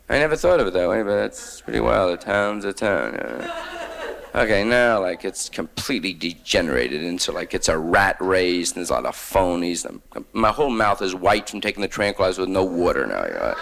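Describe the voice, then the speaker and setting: A man's voice: low-pitched, animated, fairly quick, vocal fry, crowd noise. A man from New York doing a wry, rambling stand-up monologue full of hip slang. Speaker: stand-up comedian.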